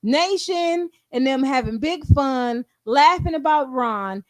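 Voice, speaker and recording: A woman with a high, lively voice runs a casual reaction stream, dishing blunt and profane gossip. She sits close to a dry mic with no room sound at all. Every so often she slips into quick impressions of the people she's reacting to. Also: dry recording. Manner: mimics the clip in quoted voices. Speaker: stream host.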